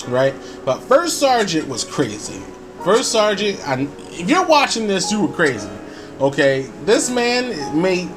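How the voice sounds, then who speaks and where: Man vlogger, casual rambling storyteller, slightly high voice, music bed behind. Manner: rambling, many fillers and restarts, chuckling. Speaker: YouTuber.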